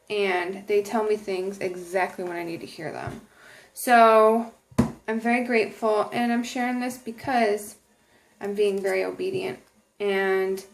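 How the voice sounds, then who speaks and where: A woman talking earnestly to camera in a casual inspirational vlog, with many ums and restarted sentences. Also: mid-range voice. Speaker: vlogger.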